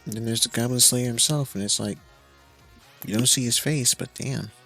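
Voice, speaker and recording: A man's voice: mid-range voice, steady tone, normal speed, creaky, pushed and bright, faint music behind. A young man streaming a game, rambling in a casual, profane, jokey way. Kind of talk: casual live-stream chat while gaming.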